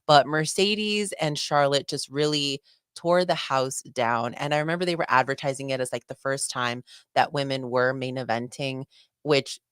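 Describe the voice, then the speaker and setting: A young woman co-hosting a casual wrestling podcast, gushing and excitable, with many fillers and restarts. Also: a bass voice, normal speed, clean tone, dry recording. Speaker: podcast co-host.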